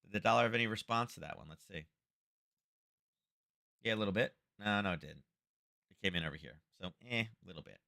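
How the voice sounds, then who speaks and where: A man with a fairly low, creaky voice talks fairly quickly in a pushed, bright tone, broken by long pauses. Hosting a casual live trading stream, he thinks out loud about the market, adds "right?" to his points, and chats with viewers by name.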